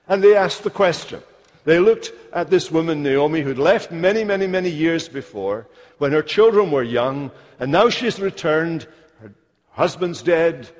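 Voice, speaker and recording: A man preaching a sermon, slow and emphatic, stressing key phrases. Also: a little high. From Scotland. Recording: long hall reverb.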